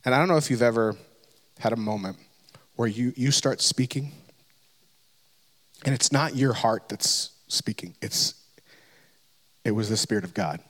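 A man's voice: medium pitch, a little slow, long pauses, fairly bright tone. A man, a pastor in his thirties, telling a candid, self-deprecating personal story as a sermon, with frequent restarts. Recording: long hall reverb.

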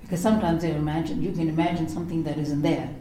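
A middle-aged woman giving a devotional teaching on prayer, telling stories expressively and slowing down to read scripture. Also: low voice, little pitch movement, mellow, a little hiss or hum. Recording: echoey room.

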